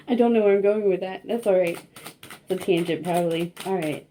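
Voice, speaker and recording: Soft, mellow-voiced woman reading tarot. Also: lowish voice, fairly quick, a little hiss or hum. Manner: rambling and self-conscious, often laughing, many likes and you-knows. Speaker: tarot reader. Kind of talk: casual tarot reading to camera.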